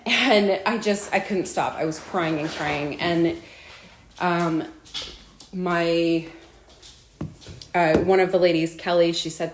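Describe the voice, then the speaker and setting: A woman's voice: fairly low pitch, measured pace, a little hiss or hum. Earnest woman podcaster in an echoey room. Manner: earnest, effusive, rambling with fillers. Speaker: podcast host. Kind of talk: casual podcast monologue. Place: at home with her dog.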